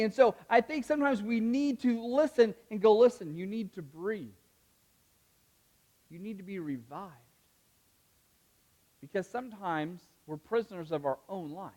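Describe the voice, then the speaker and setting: High-voiced animated young male preacher. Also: moderate pace. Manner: animated, conversational preaching with many fillers. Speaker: pastor. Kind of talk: sermon.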